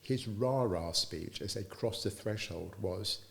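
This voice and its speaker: Gravelly man telling a lively story. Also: on the low side, a little slow. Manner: lively storyteller who acts out quoted dialogue. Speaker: business founder being interviewed. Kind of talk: anecdotal storytelling in an interview.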